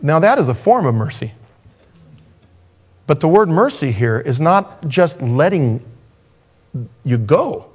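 A man preaching a sermon as a pastor, swinging from raised, intense passages down to hushed, soft ones. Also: a little high, husky.

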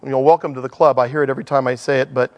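A middle-aged man giving a sermon in a church, animated and self-deprecating, telling stories and acting out dialogue. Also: mid-range voice, very fast. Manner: animated, acts out dialogue in changing voices. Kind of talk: sermon with storytelling.

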